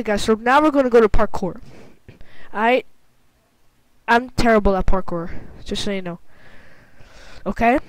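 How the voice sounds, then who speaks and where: A woman giving casual let's-play commentary, excitable and quick to exclaim or groan at her own mistakes. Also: medium pitch, no echo. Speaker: gameplay commentator.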